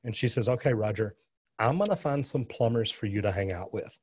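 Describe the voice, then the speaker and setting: A man's voice: fairly low pitch, a little fast, darkish tone, husky. A middle-aged man, a plumber and interview guest, telling a story earnestly with frequent restarts. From US West Coast.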